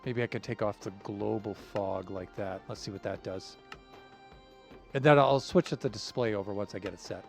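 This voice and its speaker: Male streamer, low voice, relaxed rambling commentary, faint music behind. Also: moderate pace, vocal fry. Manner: easygoing, rambling, many fillers and soft chuckles. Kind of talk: live game stream commentary.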